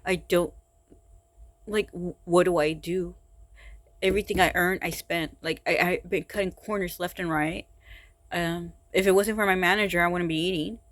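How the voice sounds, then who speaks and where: Weary, halting woman venting, dry sound. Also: lowish voice, fairly even intonation, no room sound. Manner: halting, weary, full of sighs and restarts. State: exhausted and frustrated. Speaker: vlogger. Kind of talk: personal confessional vlog.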